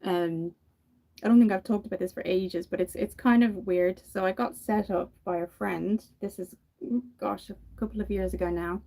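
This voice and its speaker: Irish woman, thirties, makeup vlogger, casual storytelling chat, warm mellow voice. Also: mid-range voice, steady tone, moderate pace, gravelly. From Ireland. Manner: chatty storytelling, laughs often.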